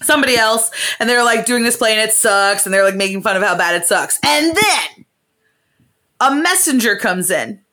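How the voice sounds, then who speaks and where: A young woman casually retelling a play's plot with plenty of swearing, slipping into quick character voices. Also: on the high side. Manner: swearing, animated play-by-play with put-on voices for characters. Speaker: podcast co-host. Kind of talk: casual chat, retelling a play.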